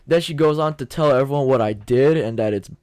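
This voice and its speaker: A man's voice: mid-range voice, a little fast, darkish tone, smooth, no room sound, studio quality. A young man vlogging a casual story time, telling it in a loose, slangy way with lots of quoted back-and-forth.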